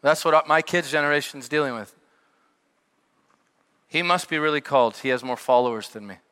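Middle-aged pastor guy, a bit high-voiced, storytelling sermon, long reverb from the hall. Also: normal speed. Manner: animated storytelling with shouted peaks and dropped asides.

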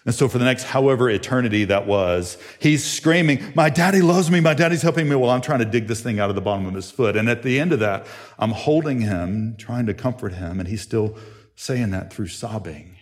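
A man preaching a sermon as pastor, telling a family story, his voice climbing in excited stretches and falling to soft, near-whispered ones. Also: on the low side, fairly quick. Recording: long hall reverb.

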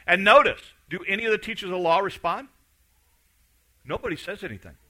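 A middle-aged man preaches a sermon, retelling the story in loose everyday words and acting out the quotes. His voice is strikingly bright and sits a little high. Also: a little fast, rough recording. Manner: conversational, animated retelling with paraphrased quotes. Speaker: pastor.

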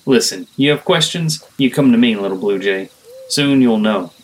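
A man voicing a gentle, secretive old grandfather in a read-aloud story, speaking in a coaxing way. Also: medium pitch, animated, moderate pace, natural voice, low-quality recording.

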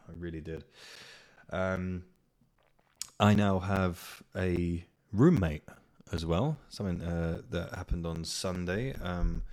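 A young man hosting a solo podcast, telling stories in a chatty way and swearing freely. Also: sits low. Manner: chatty storytelling with swearing and laughs. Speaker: podcast host. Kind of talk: casual solo podcast chat.

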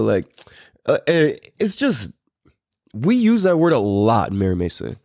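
Man, 30s, from California, podcast host, casual storytelling, profane, lively pitch, dry recording. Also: slow, no room sound. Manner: loose and profane, rambling with restarts, laughs often.

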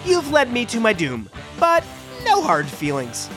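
Lady doing a wide-eyed young pegasus boy, high and bouncy, slow and innocent. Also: wildly swooping pitch, over music. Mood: resigned. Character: young male winged horse, naive and eager.

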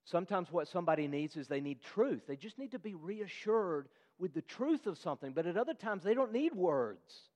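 A man's voice: high-pitched, big pitch swings, normal speed, hardly any pauses, a little mellow, dull audio. A man preaching a sermon in an earnest voice, asking his listeners questions as he explains the passage. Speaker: pastor. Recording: long hall reverb.

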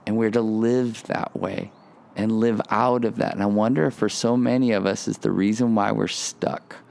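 A middle-aged male pastor with a gravelly, slightly creaky voice delivers a sermon. He is animated, slipping into a raised, eager voice to act out childlike boasting before settling back into earnest preaching. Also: lowish voice, moderate pace.

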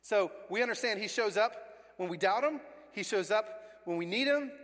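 A man in his forties preaching a sermon as pastor, telling family stories with lively acted-out voices. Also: high-pitched, normal speed. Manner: animated storytelling, acting out family voices. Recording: long reverb of a large hall.

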